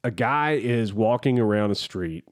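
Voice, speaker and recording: A man's voice: lowish voice, animated, unhurried. A man co-hosting a podcast, telling a long story in casual chat with lots of restarts and asides. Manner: rambling storyteller with restarts and laughs. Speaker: podcast co-host.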